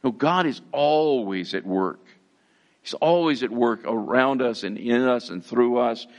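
A man's voice: mid-range voice, a little slow, a little mellow. A man preaching a sermon in a conversational, folksy way. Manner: conversational, with fillers and folksy phrases. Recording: slightly dull, muffled sound.

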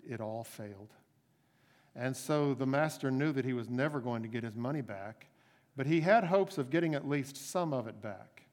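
A man preaching a sermon, retelling a parable in a lively storytelling way. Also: mid-range voice. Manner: storytelling, animated. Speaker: pastor. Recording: long church reverb.

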